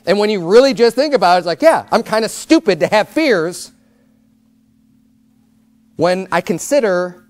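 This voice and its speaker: A man's voice: sits high, animated, normal speed, pauses often, darkish tone, no echo. A male pastor preaching a sermon in a conversational, emphatic way, often repeating words as he goes.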